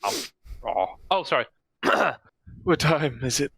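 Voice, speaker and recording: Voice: mid-range voice, expressive, slow pace, gravelly, fairly bright tone, breathy edge, no echo, clean studio sound. A friend in casual, joking chat while voicing characters in a game stream.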